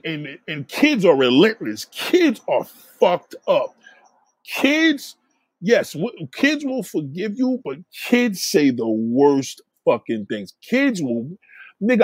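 A man's voice: a little high, no echo. A man talking in a blunt, heated rant, swearing often and repeating himself as he presses a point. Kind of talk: casual opinionated rant.

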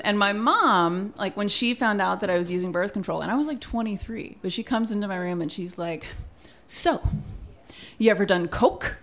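A young woman with a medium-pitched, creaky voice tells a comic story about her family in a chatty, wry way, often laughing. She leans on "like" as a filler and acts out her family's quotes, with background noise present.

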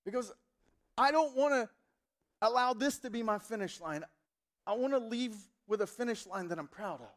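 A male pastor in his thirties delivers a storytelling sermon. His voice sits notably high for a man and climbs higher and louder as he presses his point with emphatic conviction. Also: animated, fairly quick. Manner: storytelling, emphatic, rises in pitch and volume when fervent.

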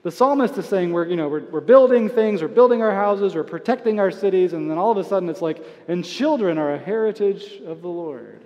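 A man preaching a sermon as pastor, conversational, with soft asides and light chuckles. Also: sits high, expressive, fairly quick, hardly any pauses, big-room sound. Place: church sanctuary.

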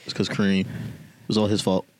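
Low-voiced young man, joking and profane. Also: monotone, no room sound. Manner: joking, profane, fast back-and-forth. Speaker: co-host. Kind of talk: casual chat.

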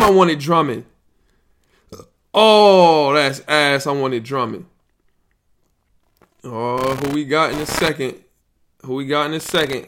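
A podcast host reacting live to a fantasy draft, excitable, yelling and laughing. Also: male voice, on the high side, slight background noise.

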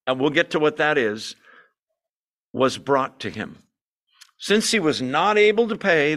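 A man leading a Bible study, reading scripture aloud and breaking in with asides, slowing down to stress key words. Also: on the high side, fairly bright tone. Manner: reads scripture aloud with asides, slows for emphasis.

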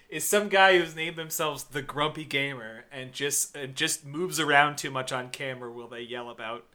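A man co-hosting a casual podcast, excitable, laughing a lot and swearing freely. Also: medium pitch, normal speed. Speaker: podcast co-host.

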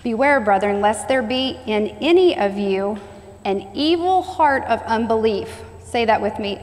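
A woman's somewhat high, darkish voice moves with lively intonation at a measured pace as she preaches. She leans on repeated phrases in a call-and-response manner, asking the congregation to say them back. Long hall reverb surrounds her words.

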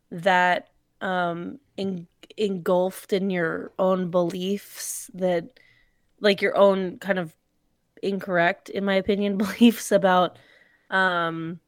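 A woman's voice: lowish voice, dry recording. A woman in casual podcast chat, talking hesitantly and searching for words.

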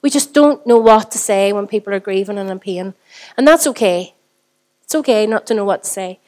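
A woman's voice: medium pitch, expressive, brisk, darkish tone. A woman pastor with a Northern Irish accent, preaching a sermon in a conversational way and putting rhetorical questions to the congregation. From Northern Ireland.

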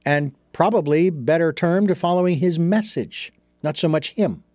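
A man's voice: on the high side, normal speed, darkish tone, no echo. Earnest man telling a story in a dry room. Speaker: interview guest. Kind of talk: reflective storytelling in conversation.

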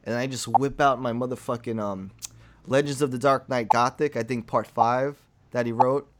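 A man telling a story in casual chat, animated and profane, acting out what people said. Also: mid-range voice, normal speed. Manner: animated, profane, acts out quotes.

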